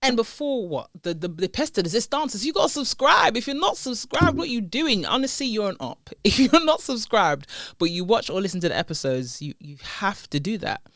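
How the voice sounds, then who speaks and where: A woman's voice: mid-range voice, very animated, normal speed, a bit bright, no echo, clean studio sound. A woman hosting a podcast, chatting casually and playfully, laughing often and using slang. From United Kingdom. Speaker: podcast host. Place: seated indoors. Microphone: podcast microphone.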